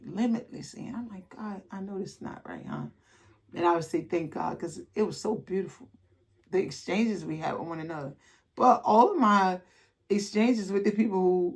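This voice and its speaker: A woman does a tarot reading straight to her viewers. She talks loosely and bluntly, swears freely, and breaks off to read card messages aloud before going back to casual chat. Her voice sits at a middle pitch for a woman. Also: slightly rough. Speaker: tarot reader.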